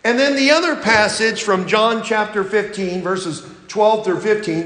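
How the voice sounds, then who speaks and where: A male pastor preaching a sermon in a church, reading scripture slowly and deliberately. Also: high voice, fairly bright tone, reverberant, in a large hall.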